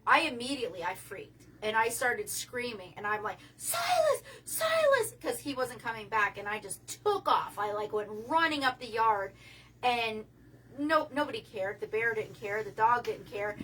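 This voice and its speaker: A woman's voice: on the high side, normal speed, sharp tone, recorded from a distance, slight background noise, poor audio. A woman casually telling a long story on a livestream, rambling and restarting her sentences, swearing now and then.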